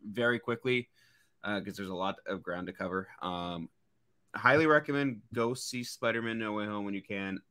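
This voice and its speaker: A man's voice: fairly low pitch, moderate pace, bright, forceful tone. A man guesting on a live stream, enthusiastically promoting his podcast in casual chat. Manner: enthusiastic, friendly.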